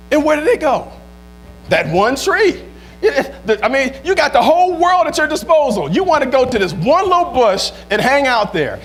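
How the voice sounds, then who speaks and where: A male pastor preaching a sermon, asking the same questions again and again, stumbling over restarts and rising to shouts. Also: very high-pitched, sing-song, normal speed, faint music behind.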